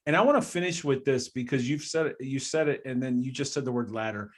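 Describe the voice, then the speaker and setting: A man's voice: mid-range voice, expressive, fast talker. A man hosting a podcast, wrapping up an interview in a grateful, effusive way and laughing often. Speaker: podcast host. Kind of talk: casual interview wrap-up. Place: from Columbus area.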